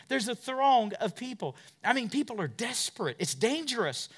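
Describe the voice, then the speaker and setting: A man preaching a sermon, telling a Bible story with questions to his listeners and big swings from loud to hushed. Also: high-pitched, big pitch swings, normal speed, few pauses. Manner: asks the congregation questions. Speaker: pastor.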